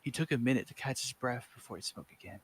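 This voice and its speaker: A man's voice: medium pitch, fast talker, husky. A man reading fanfiction aloud for laughs, in dramatic narration with stumbles and self-corrections. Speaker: reader.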